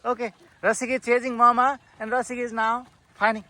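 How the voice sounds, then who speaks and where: A man's voice: very high voice, little pitch movement, fairly quick, pushed and bright. Coaxing man. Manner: coaxing, sing-song talk to a toddler, mixing English and Nepali. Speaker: vlogger and father. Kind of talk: casual family vlog narration. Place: outdoors on a farm.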